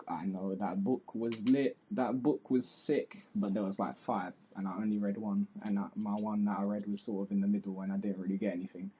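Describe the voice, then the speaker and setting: A man's voice: lowish voice, breathy edge, muffled recording. A teenage boy telling a rambling, self-mocking story for his vlog, full of fillers. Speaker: vlogger.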